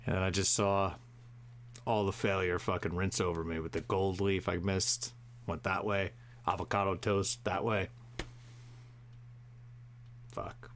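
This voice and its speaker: A man hosting a live show, ranting profanely and swinging between shouting and muttering to himself. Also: sits low, unhurried, pauses often. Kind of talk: profane comedic rant.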